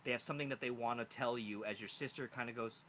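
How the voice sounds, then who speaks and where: A man's voice: medium pitch, steady tone, fast, fairly bright tone, a little hiss or hum. A man narrating as game master in a casual, rambling way with many fillers.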